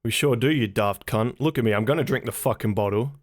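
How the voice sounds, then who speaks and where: A man's voice: medium pitch, fast talker, natural voice. A man voicing a foul-mouthed alcoholic male dwarf, talking in a brash, crude way. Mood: belligerent.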